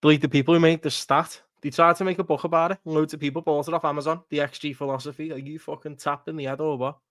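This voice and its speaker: Blunt, sweary streamer. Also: male voice, fairly high pitch, fairly even intonation, fast, a bit bright, no room sound, studio quality. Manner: blunt, sweary, laughing rants. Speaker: football watchalong streamer. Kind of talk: casual live stream chat.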